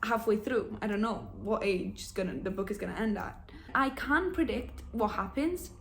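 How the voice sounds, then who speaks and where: A woman's voice: mid-range voice, normal speed, a little hiss or hum. Chatty young woman reviewing books. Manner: animated, swearing, emotional reactions to reading. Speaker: book vlogger. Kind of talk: casual chat.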